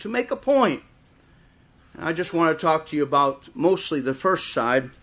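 A man with a Wisconsin accent preaching a sermon, telling stories and slowing down and rising in volume for emphasis. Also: on the high side. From Chicago area, raised in Wisconsin. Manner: storytelling preacher, swells louder and slower for emphasis. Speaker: guest preacher.

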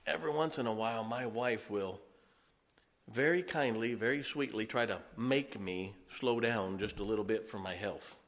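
A man in his forties preaching a folksy, humorous sermon, swinging between loud emphasis and soft asides. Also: on the low side, normal speed. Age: 40s. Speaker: pastor.

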